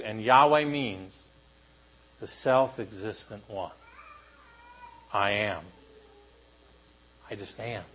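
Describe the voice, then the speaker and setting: A male pastor preaching a sermon to a congregation, shifting between animated emphasis and quiet, solemn lines. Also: fairly low pitch, slow, long pauses, slightly rough, poor audio.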